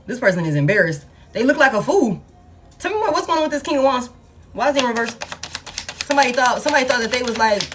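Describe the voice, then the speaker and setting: A woman's voice: on the high side, noisy background. A woman giving a casual tarot reading in a blunt, profane manner, with laughing asides. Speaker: tarot reader.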